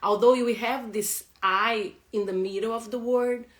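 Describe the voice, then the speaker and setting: A woman, a non-native English speaker, giving a casual pronunciation lesson, laughing often and repeating words slowly. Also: fairly high pitch, fairly even intonation, reverberant. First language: not English. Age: adult with a young son.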